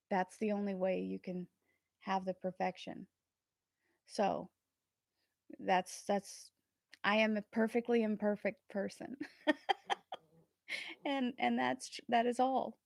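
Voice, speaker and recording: A woman hosting a tarot livestream, talking earnestly and warmly about trust and spirit, often laughing between thoughts. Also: medium pitch, vocal fry, dry recording, clean studio sound. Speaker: tarot reader and channel host. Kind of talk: casual livestream chat.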